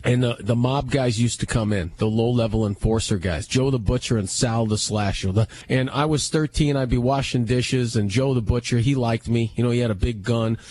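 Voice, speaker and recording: A man co-hosting a radio talk show, telling stories in a casual, animated way and acting out the dialogue. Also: medium pitch, moderate pace, hardly any pauses. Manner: animated storyteller who acts out dialogue. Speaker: co-host. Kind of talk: casual storytelling chat.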